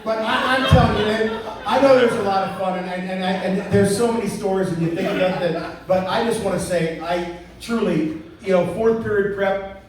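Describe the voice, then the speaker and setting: At an indoor party venue, a middle-aged man whose voice sits high talks at normal speed amid crowd noise. His casual retirement roast rambles from story to story with stumbling restarts and chuckles, recorded on a phone camera far away, so it sounds echoey and distant with faint room noise.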